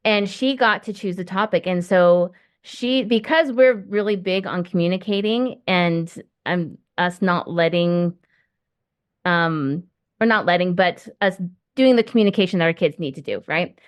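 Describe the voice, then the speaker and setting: A woman's voice: fairly low pitch, unhurried, clean tone, no room sound. A middle-aged woman hosting a podcast from home, talking in a chatty, rambling way with many fillers. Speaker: podcast host. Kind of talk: casual interview conversation.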